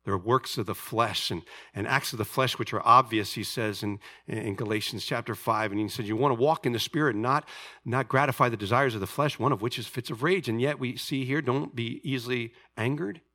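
Bright-voiced preaching man. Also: medium pitch, fairly quick. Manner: emphatic preaching, calls out to the congregation. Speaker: pastor. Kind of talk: sermon.

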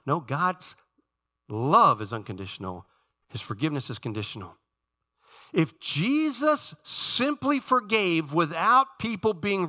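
A man pastor preaching a sermon in a church, shifting between quiet conversational asides and emphatic, rising peaks. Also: on the high side.

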